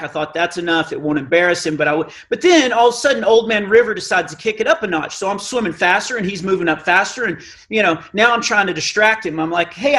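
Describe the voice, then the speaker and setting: A middle-aged man with a naturally high voice telling a self-mocking comic story on stage, acting out the dialogue. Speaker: Christian comedian. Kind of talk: stand-up storytelling. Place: live event stage.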